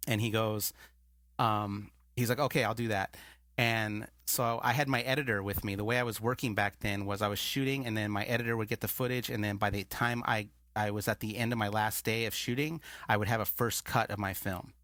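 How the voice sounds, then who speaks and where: Speaking a little fast in a lowish voice, a male filmmaker appearing as a guest works through a lengthy story in relaxed conversation. He brings quoted dialogue to life with animated delivery, and the recording is studio quality without echo.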